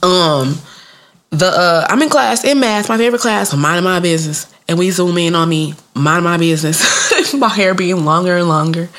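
A woman in her thirties spins a childhood story in a stand-up routine, her everyday voice sitting a little low. She is profane and playful, laughs at her own lines, and keeps jumping up into squeaky high voices to act out the people in the story. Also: normal speed. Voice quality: animated, acts out voices in high squeaky pitch.

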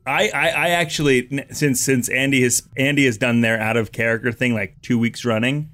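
A man's voice: medium pitch, fairly even intonation, brisk, a bit bright. A man co-hosting a casual podcast, talking hesitantly with lots of stammering and fillers. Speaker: podcast co-host.

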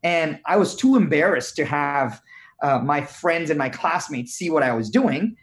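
A man from India, a guest in an interview, telling his story earnestly with frequent halting restarts. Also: fairly high pitch, expressive.

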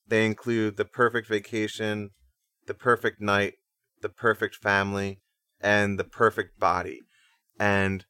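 A man co-hosting a music podcast, casually explaining things in a relaxed way. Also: lowish voice, smooth, no echo, clean studio sound. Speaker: podcast co-host.

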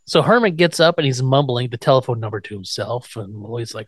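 A man's voice: mid-range voice, expressive, fast, few pauses, husky, dry recording. A man co-hosting a podcast, casually retelling a TV episode and acting out the characters' lines with laughs. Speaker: podcast co-host. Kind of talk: casual chat recapping a TV episode.

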